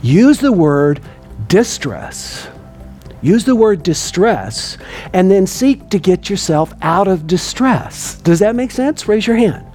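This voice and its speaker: A man, lecturing a class and quizzing the room with lively, emphatic delivery. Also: high voice, slow, soft background music. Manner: lively, asks the room questions. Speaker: teacher.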